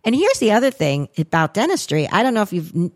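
A woman's voice: mid-range voice, big pitch swings, brisk. Chatty, foul-mouthed woman podcast co-host. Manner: chatty, profane, rambling with many "like"s. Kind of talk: casual storytelling chat.

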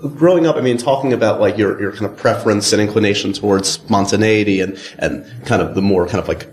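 Guy hosting, lowish voice, excited rambly questions, echoey room. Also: fast. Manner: enthusiastic, chatty, loose phrasing. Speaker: interviewer host. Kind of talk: casual interview.

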